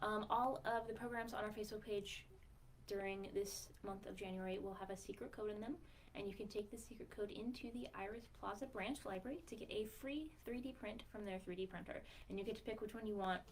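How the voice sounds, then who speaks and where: A woman librarian reading a picture book aloud to young children in a sing-song way, pausing to ask questions and count slowly. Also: medium pitch, fairly even intonation, a little hiss or hum.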